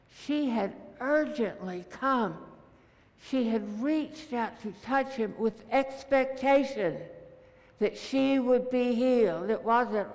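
A woman preacher giving a sermon, retelling a scripture story in vivid, unhurried detail. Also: a little high, a little mellow, big-room sound.

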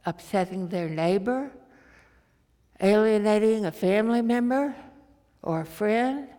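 Slow, deliberate woman preaching. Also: medium pitch, dark tone. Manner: slow, deliberate storytelling delivery. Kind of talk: sermon. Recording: reverberant hall.

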